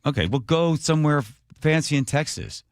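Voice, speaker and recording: A man's voice: on the high side, expressive, brisk. A man hosting a talk radio show, rambling and joking in casual banter.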